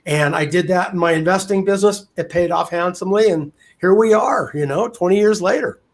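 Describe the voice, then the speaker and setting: A man, a real estate investor guest on a podcast, telling his story in a candid, energetic way. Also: high-pitched, a little fast. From United States. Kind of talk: casual storytelling interview.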